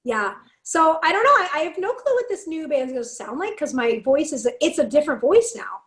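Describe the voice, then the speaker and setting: Woman, raspy, high voice, excited storyteller, casual podcast guest. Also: a little fast. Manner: excited storytelling, swears freely. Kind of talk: casual chat.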